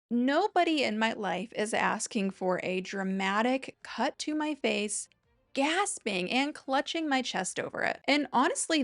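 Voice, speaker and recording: A woman hosting a casual commentary video, chatting in an exasperated way with bursts of mock-dramatic emphasis. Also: medium pitch. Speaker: commentary host.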